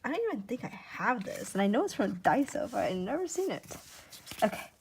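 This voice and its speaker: A woman chatting casually at home while unboxing gifts. She gushes excitedly, repeats "oh my gosh" and sometimes keeps her voice hushed. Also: medium pitch, fairly quick, gravelly, slight background noise. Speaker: YouTuber. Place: at home indoors.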